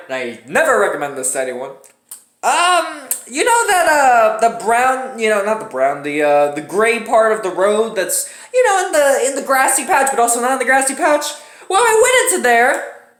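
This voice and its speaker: A woman telling a casual storytime vlog with animated, dramatic delivery and plenty of swearing. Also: a little high. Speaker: storytime YouTuber. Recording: roomy echoing room.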